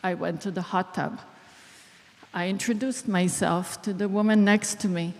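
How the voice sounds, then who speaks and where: An Israeli woman, a clinical psychologist, giving a deliberate speech to an audience. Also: medium pitch, steady tone, darkish tone. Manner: slow, deliberate, emotional at moments. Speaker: clinical psychologist, event organizer. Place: large hall. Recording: long reverb of a large hall.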